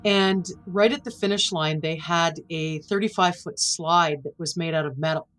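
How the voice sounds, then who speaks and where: A woman's voice: on the low side, normal speed, a bit bright, low-quality recording. A middle-aged woman from Canada, a podcast guest vividly and emotionally retelling a personal story.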